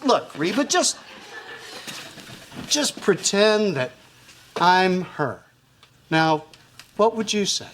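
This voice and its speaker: An awkward middle-aged peacemaker who tries to soothe everyone. His voice bends lively up and down, at a middle pitch. A faint hiss lies beneath. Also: slow pace, pauses often, heavily acted. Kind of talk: sitcom acting.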